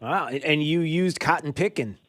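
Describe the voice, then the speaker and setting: A man from New York hosting a call-in radio talk show, chatty and rambling with quick asides. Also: fairly high pitch, a bit bright, no echo.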